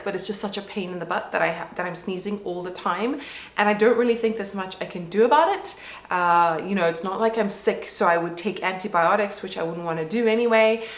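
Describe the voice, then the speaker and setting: A woman vlogger and mother with a congested nose, chatting casually and rambling with lots of fillers. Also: medium pitch. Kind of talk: casual chat to camera. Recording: roomy echo.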